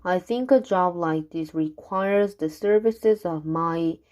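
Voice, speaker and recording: A woman reading aloud as a calm, sensible mother who speaks in a matter-of-fact way. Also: fairly low pitch, takes it slowly.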